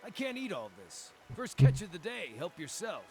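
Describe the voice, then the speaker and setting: An actor playing a cheerful, well-spoken wandering druid in a fantasy game, lively and hearty. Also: male voice, high-pitched, moderate pace, over music. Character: cheerful wandering druid man, eats raw meat. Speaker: game companion character.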